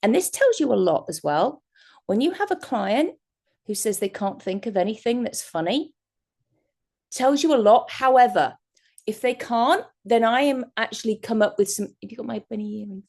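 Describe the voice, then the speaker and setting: A woman's voice: fairly high pitch, lively intonation, normal speed, a little mellow. Chatty, laughing woman guest speaker. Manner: chatty, rambling, laughs often. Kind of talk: online workshop presentation. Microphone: video call.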